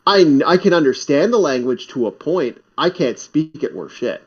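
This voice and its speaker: A talkative Canadian man chats casually and animatedly at normal speed, often repeating his words. His voice is on the high side, breathy, with lively intonation, and the audio is slightly muffled.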